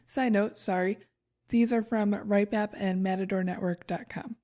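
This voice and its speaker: A woman's voice: mid-range voice, fairly even intonation, normal speed, warm tone. A woman co-hosting a podcast, reading her research notes in casual chat and laughing at her own stumbles. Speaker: podcast co-host.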